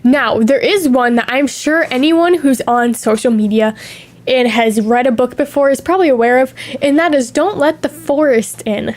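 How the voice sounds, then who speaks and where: High-voiced young woman, chatty streamer. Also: normal speed, darkish tone. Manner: chatty, candid, drifting between tangents. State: sniffly with allergies and hiccups. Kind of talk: casual chat.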